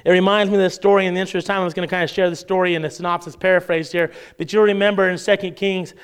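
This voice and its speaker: A male preacher with a high, smooth, clear voice. He tells stories in his sermon and acts out the people in them. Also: rapid-fire. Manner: animated storytelling, acts out the characters' voices.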